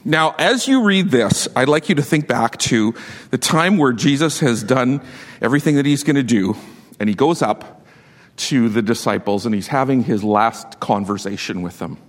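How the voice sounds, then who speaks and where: A man preaching a sermon, telling a story with lively swings between loud and hushed delivery and frequent laughter. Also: mid-range voice, normal speed, in a large hall. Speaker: pastor.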